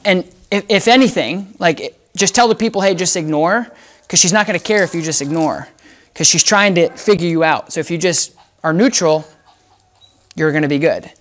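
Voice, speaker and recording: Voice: mid-range voice, moderate pace. A dog trainer explaining in a casual, emphatic way, repeating phrases for effect while working with a dog. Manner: talks to the dog in soft whispers between explanations. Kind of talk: casual instructional talk.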